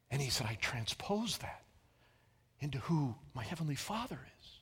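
A man preaching a sermon as pastor, with dramatic pauses and dropping to a hushed whisper for emotional quotes. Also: on the low side, expressive, breathy edge. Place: church auditorium. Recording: long reverb of a large auditorium.

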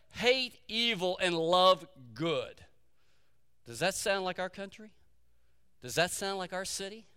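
A man's voice: high voice, sharp tone, smooth. A man preaching a sermon as pastor, telling a story and repeating key phrases for emphasis. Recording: long hall reverb.

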